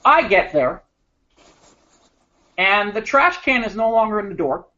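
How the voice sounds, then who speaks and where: A man co-hosting a podcast, telling an animated, rambling anecdote with frequent restarts. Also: high voice, measured pace. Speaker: podcast co-host. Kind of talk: casual storytelling chat. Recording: slightly muffled podcast audio.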